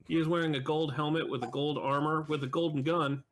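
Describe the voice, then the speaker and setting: A man's voice: on the high side, fairly even intonation, a little fast. A man co-hosting a podcast, joking around and speaking to listeners as "folks". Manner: joking, talks to the audience as "folks". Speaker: podcast co-host. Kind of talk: casual chat.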